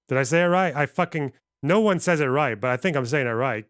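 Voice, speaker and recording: Male streamer, mid pitch, crisp voice, loose profane chat to viewers. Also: a little fast, few pauses, no echo, clean studio sound. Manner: profane, rambling, reacting to chat. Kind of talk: casual live-stream chat.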